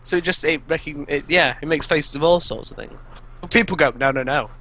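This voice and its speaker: A man's voice: a little high, brisk, sharp tone. A young man co-hosting a casual podcast among friends, rambling with frequent restarts and laughing mid-sentence. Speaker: podcast co-host.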